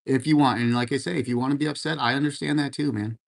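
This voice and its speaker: This livestream host speaks quickly in a gravelly, medium-pitched voice with fairly even intonation. Surrounded by racing gear in a room at home, he reads out viewer comments and answers them casually and encouragingly, frequently addressing people as man and brother.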